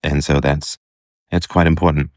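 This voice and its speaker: A man giving commentary as he reads an article and reacts to a clip, halting with fillers and scornful asides. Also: extremely low pitch, little pitch movement, darkish tone, no echo, clean studio sound.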